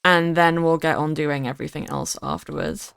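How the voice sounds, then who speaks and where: A woman's voice: sits low, fairly even intonation, normal speed, gravelly, a bit bright, clean tone, no echo, clean studio sound. A young woman streaming a game, chatting casually and playfully, often repeating words for emphasis. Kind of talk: casual live-stream chat while gaming.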